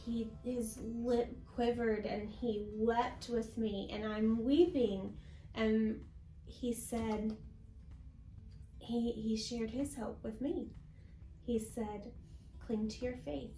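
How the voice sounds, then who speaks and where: A woman guest sharing a personal faith testimony in an interview, telling her story slowly and from the heart. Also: a little high, fairly even intonation, warm tone, roomy sound, faint music behind, poor audio. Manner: slow, heartfelt storytelling with many pauses.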